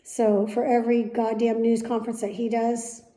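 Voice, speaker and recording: A woman's voice: a little high, level tone, moderate pace, mellow. Heated, frank woman ranting in an echoey room. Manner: frank, heated, swears freely. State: worked up. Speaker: vlogger, daily show host. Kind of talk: candid talking-head rant.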